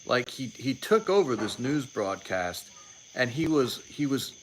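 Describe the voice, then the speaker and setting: Very animated yet measured in pace, a mid-range male voice carries this late-forties host's opinionated, rambling political commentary on a livestream. He restarts sentences, repeats himself, and throws in sarcastic asides, all on poor audio with a faint hiss or hum.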